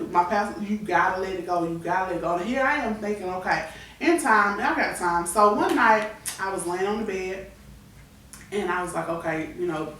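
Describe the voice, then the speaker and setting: A thirtysomething talk show guest with a fairly bright, medium-pitched voice candidly and tearfully retells a painful story, performing the voices of people she quotes. She sounds distant from the mic in an echoey room.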